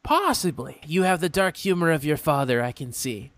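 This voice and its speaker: A man's voice: fairly high pitch, lively intonation, moderate pace, fairly bright tone, no echo, voice pushed up. A man voicing a courteous, secretive male imp from the Nine Hells, who speaks in a formal, lilting manner.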